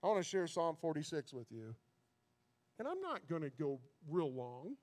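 High-voiced preacher, repeating himself. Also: male voice, very animated, moderate pace, darkish tone. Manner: repeats words, builds to impassioned preaching. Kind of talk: sermon.

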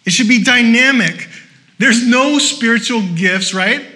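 A male pastor preaches with a high-pitched voice. His tone is bright and ringing. He keeps the sermon conversational and playful, then drives his points home with short, repeated urgings. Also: unhurried. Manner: lively and conversational, with joking asides; exhorting, repeating short phrases.

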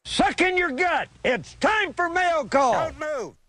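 A man barking orders in a shouted drill-style show intro, played as a clip. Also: very high-pitched, very animated, slow pace, dry recording.

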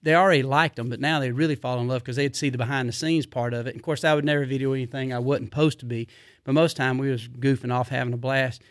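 A middle-aged man, telling rambling stories in a casual, animated way, full of fillers. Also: mid-range voice, fast talker, dry recording, studio quality. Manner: rambling, animated, drawling Southern speech with repeated fillers. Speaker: podcast guest. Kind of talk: casual storytelling.

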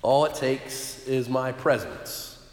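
A man in his thirties, a pastor giving a sermon in an earnest, halting storytelling way with restarts. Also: mid-range voice, a little mellow. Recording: echoey hall with long reverb.

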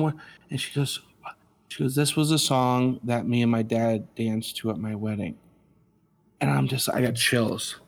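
Earnest middle-aged dad telling a story. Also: male voice, mid-range voice, a little slow, vocal fry. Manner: earnest, restarts often, acts out quotes. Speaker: guest, father. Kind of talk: casual storytelling.

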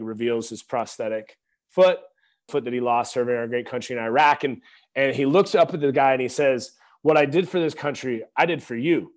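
A man in his thirties, a former football linebacker, sharing an earnest, preacher-like story as a podcast guest, speaking to listeners as y'all. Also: medium pitch. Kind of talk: reflective storytelling.

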